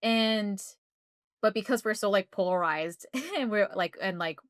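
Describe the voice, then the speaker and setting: A woman's voice: medium pitch, measured pace, dry recording, studio quality. A woman co-hosting a podcast in casual chat, rambling with lots of fillers and frequent laughter. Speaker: podcast co-host.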